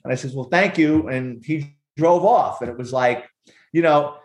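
A man's voice: mid-range voice, moderate pace, darkish tone, reverberant. A man, a former police officer, telling a profane story in an interview and acting out the people in it. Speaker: guest, retired police officer and author.

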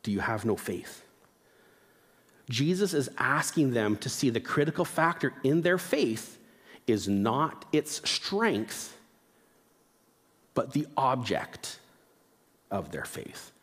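A man's voice: sing-song, a bit bright, breathy edge. Conversational male preacher in a reverberant hall. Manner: conversational, drops low and slow for emphasis. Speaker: pastor. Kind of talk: sermon.

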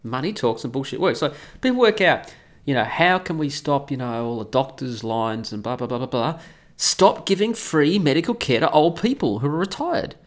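A man's voice: mid-range voice, animated, moderate pace. A man in an opinionated, casual ranting monologue who swears freely.

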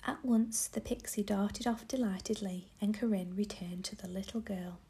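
A woman's voice: mid-range voice, steady tone, normal speed, warm tone. Woman whispering a bedtime story.

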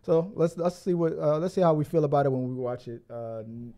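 Male podcast host with a mellow, warm voice pitched a touch high; loose, rambling delivery with many restarts. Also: brisk. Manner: rambling, repeats words, joking. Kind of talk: casual chat.

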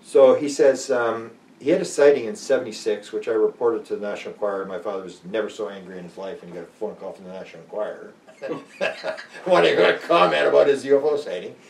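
A man's voice: fairly low pitch, fast, vocal fry, slight background noise. An older man, a guest author rambling through stories with many restarts and acted-out quotes. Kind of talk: rambling storytelling interview. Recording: roomy and distant.

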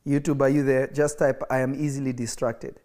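A man's voice: medium pitch, little pitch movement, a little fast, a little mellow. A man preaching an emphatic livestreamed sermon, repeating phrases for effect, with coughs and laughs between points.

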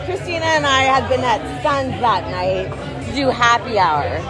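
A woman co-hosting a podcast, bantering loudly and swearing through casual chat. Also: on the high side, lively intonation, moderate pace. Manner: loud, swearing, joking banter. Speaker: podcast co-host. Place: bar. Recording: noisy bar with music and crowd. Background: music and crowd chatter.

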